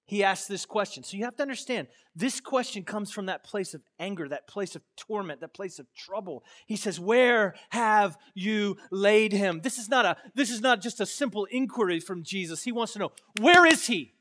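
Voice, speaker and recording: With lively intonation and a brisk pace that leaves hardly any pauses, a male pastor from Florida delivers an impassioned sermon, veering between low, quiet phrases and loud outbursts. He follows it with a casual personal story sprinkled with fillers.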